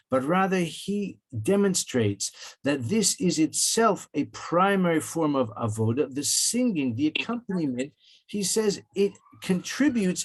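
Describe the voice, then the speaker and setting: Man, slightly raised pitch, rabbi's measured Torah class, restates his points, quotes Hebrew. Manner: measured, repeats and rephrases, frequent fillers. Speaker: rabbi teaching Torah portion. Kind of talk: weekly Torah lesson.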